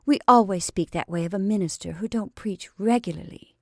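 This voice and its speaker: A woman's voice: mid-range voice, brisk, dry recording, clean studio sound, natural voice. A woman doing a kindly, soothing countrywoman. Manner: gentle, soothing, motherly.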